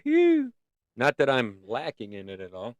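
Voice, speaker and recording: A man's voice: fairly low pitch, normal speed, fairly bright tone, no echo. A man hosting a casual art livestream, rambling and easily sidetracked, breaking off to sing bits of songs. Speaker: livestream host.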